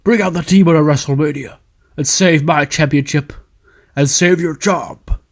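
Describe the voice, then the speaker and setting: A man's voice: on the high side, moderate pace, vocal fry. A man voicing a blustering, demanding older male wrestling company boss in a game recap. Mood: bullying. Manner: bossy, demanding.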